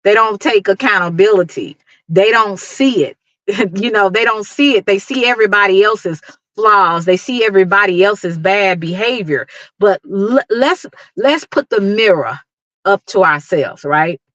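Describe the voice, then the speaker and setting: A woman's voice: mid-range voice, unhurried, fairly bright tone, no room sound, muffled recording. A middle-aged woman with a Dallas accent, giving an emphatic, preachy motivational talk to her livestream viewers and laughing often. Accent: Dallas, Texas. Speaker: YouTube livestream host.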